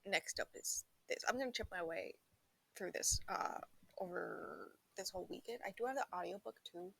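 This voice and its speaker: A young woman casually reviewing a book she just read, rambling with lots of fillers and laughing now and then as she acts out quick lines. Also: mid-range voice, creaky, a bit bright, slightly rough. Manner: rambling, filler-heavy, laughs often, breaks into quick acted quotes. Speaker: book vlogger.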